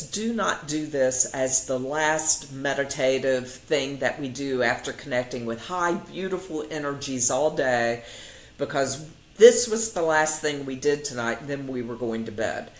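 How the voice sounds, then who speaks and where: Brief: middle-aged woman, low voice, animated storyteller, roomy echo. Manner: animated, acts out quoted voices, laughs often. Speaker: interview guest, psychiatrist. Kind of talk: casual storytelling in an interview. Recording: echoey room.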